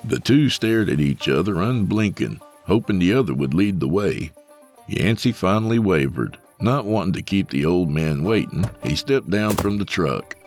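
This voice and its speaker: A man's voice: low voice, lively intonation, moderate pace, a little mellow, faint music behind. A man narrating an audiobook in a dry, profane storytelling manner. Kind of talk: scripted narration.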